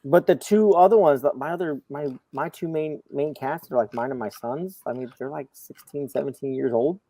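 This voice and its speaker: A middle-aged man on a video call, a comics show panelist, telling a long personal story in casual chat with lively quoting. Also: a little high, normal speed, no echo, low-quality recording. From Florida, USA. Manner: storytelling, animated, quotes others.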